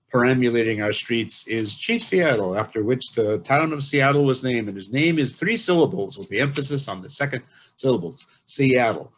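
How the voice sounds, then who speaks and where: Husky older man lecturing over a call. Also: medium pitch. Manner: explanatory, careful, with many hesitations. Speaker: guest speaker. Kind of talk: webinar lecture. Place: at home. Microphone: home computer mic on a video call. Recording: dull lo-fi call audio.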